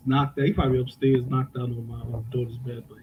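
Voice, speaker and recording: A man's voice: medium pitch, fast talker, narrow, tinny audio, background noise. A middle-aged man, telling stories in a casual chat at home on cheap headphones. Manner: animated storytelling, swearing freely. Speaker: podcast co-host. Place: home, indoors. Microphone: cheap headphones with mic.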